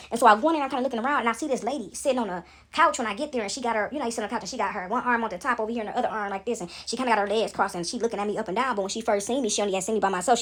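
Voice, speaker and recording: A young woman telling a story to her viewers in a casual, chatty way, tagging her sentences with "right?" and "y'all", shaken up by what she is describing. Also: a little high. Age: young adult. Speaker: vlogger.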